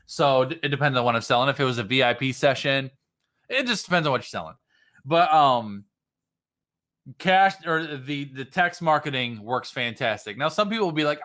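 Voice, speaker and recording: A man's voice: on the high side, expressive, normal speed, bright, forceful tone. A man giving business coaching on a livestream, emphatic and repetitive, often restarting his sentences. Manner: emphatic, repeats points, restarts. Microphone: livestream mic.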